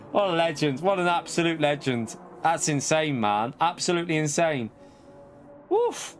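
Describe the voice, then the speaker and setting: A British man streaming a racing game live, chatting casually to his viewers in an excitable way, laughing often and swearing when something shocks him. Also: a little high, moderate pace, faint music behind.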